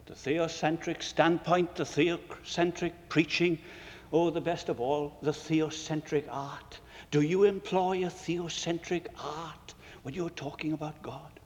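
A man with a fairly high voice delivers a fervent sermon lecture to other preachers. He presses rhetorical questions, swings between soaring emphasis and hushed asides, and his words ring out with a long hall reverb. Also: steady tone, measured pace. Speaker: preacher addressing fellow preachers.

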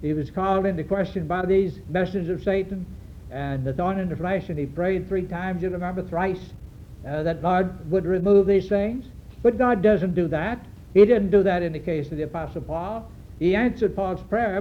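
A man preaching a sermon to his congregation, earnest and halting, with many fillers and restarts. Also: high-pitched. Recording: dull lo-fi recording with faint hiss.

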